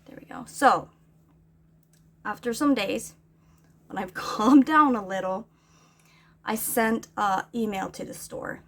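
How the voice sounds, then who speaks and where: A woman's voice: mid-range voice, slow pace, pauses often, fairly bright tone. Agitated woman ranting. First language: Norwegian. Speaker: vlogger. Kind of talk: casual venting vlog.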